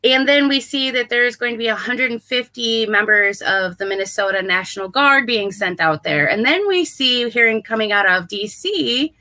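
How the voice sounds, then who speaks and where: Woman cohost chatting politics, kinda high voice, real bright tone, earnest. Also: normal speed, few pauses. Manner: earnest, hopeful, repeats "right?". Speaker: co-host. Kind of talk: casual political chat.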